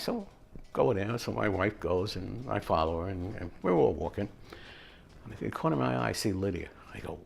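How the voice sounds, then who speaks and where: A man hosting a home cooking show, chatting in a rambling, relaxed way as he tells stories while he cooks. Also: lowish voice, fairly quick, creaky, slight background noise. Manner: relaxed, mellow. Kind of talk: casual cooking demonstration with anecdotes.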